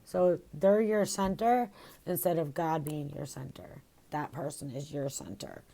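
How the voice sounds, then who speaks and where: A woman with a low, deep-set voice talks slowly into her phone for a personal video diary. She rambles and reflects, restarting her sentences and filling pauses as she thinks aloud. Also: gravelly, dark tone. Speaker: vlogger.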